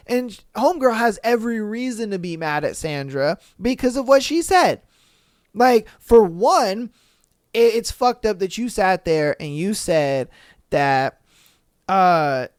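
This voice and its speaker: A man hosting a podcast, reading listener stories aloud and reacting with animated, profane, mock-outraged asides. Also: high voice, clear, resonant tone, no room sound, studio quality. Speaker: podcast host.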